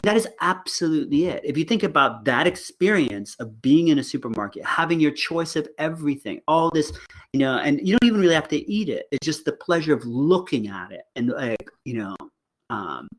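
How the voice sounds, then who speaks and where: A middle-aged man giving a casual college lecture, halting with many fillers and often laughing as he reads and jokes. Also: on the high side, rough recording. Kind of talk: casual online class lecture.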